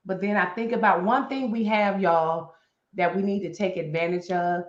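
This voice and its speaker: A woman's voice: lowish voice, fairly even intonation, moderate pace. Blunt, emphatic middle-aged woman, roomy sound. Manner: emphatic, preacher-like, repeats points, blunt and profane. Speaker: guest on live chat show. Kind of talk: impassioned talk on grief. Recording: roomy, slightly dull live-stream audio.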